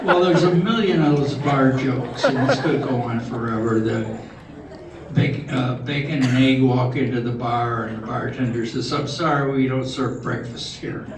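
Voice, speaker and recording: An older man telling corny jokes at a talent show in a slow, halting way, often restarting his words. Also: mid-range voice. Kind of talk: stand-up joke telling. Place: large hall with live audience. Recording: echoey hall from far off, audience noise.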